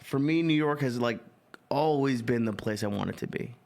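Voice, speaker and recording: Thirties guy, comic co-host, rambly and earnest, says like a ton, mid-pitched voice. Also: normal speed, vocal fry, a little mellow. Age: 30s. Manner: earnest, rambling, heavy on filler "like". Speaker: comedian co-host. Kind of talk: casual chat.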